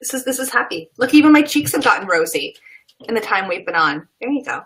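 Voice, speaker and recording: A woman's voice: a little high, sing-song, fast talker, a bit bright, low-quality recording. A woman in her thirties hosting a casual live video chat from home, chatty and laughing often, heard over a webcam call. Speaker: host. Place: home, sheet hung behind her.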